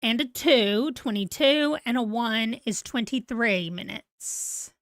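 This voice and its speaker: A woman's voice: fairly high pitch, expressive, slow pace, dry recording, studio quality. A woman in her forties, chatting casually and rambling to viewers on a live stream. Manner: rambling, chatty, self-deprecating. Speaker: book vlogger.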